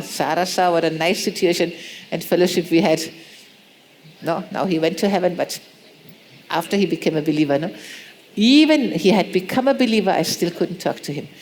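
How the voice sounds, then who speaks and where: A woman preaching a sermon, pressing points with repeated rhetorical questions and acting out soft prayers. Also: fairly low pitch, slight background noise. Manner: acts out prayers in soft pleading tones.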